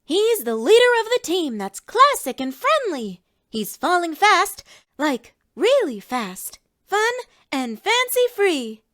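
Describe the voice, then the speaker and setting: A woman's voice: very high voice, big pitch swings, slow pace, fairly bright tone, exaggerated voice. A woman voicing a chipper adult female cartoon duck who co-hosts as an announcer, in a fan audio drama. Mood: bubbly. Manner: bubbly showbiz announcing. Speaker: co-host announcer.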